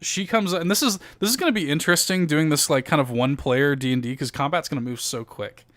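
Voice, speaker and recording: A man's voice: a little high, fairly quick, a bit bright. A man running a tabletop game as game master, narrating loosely with many fillers and casual swearing.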